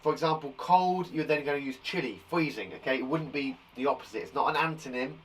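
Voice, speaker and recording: Lively English male primary teacher. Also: on the high side, brisk, recorded from a distance, a little hiss or hum, rough recording. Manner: lively, animated, acts out example sentences. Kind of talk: live online lesson for young children.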